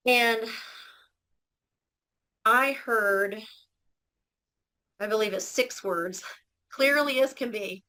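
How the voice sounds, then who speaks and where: A woman's voice: on the high side, drawn-out words, long pauses, sharp tone, poor audio. A woman telling her personal story as an interview guest, earnest and emotional, often restarting her sentences.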